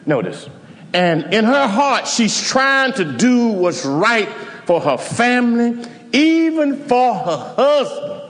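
A man preaching a sermon, emphatic and animated, chuckling as he tells the story. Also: extremely high pitch, slow pace, in a large hall.

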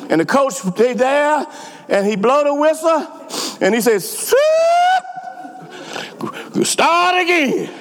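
A man's voice: very high-pitched, measured pace. A middle-aged man, preaching a sermon and telling a story with emphatic repetition. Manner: animated, repeats words, emphatic. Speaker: pastor. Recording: echoey hall.

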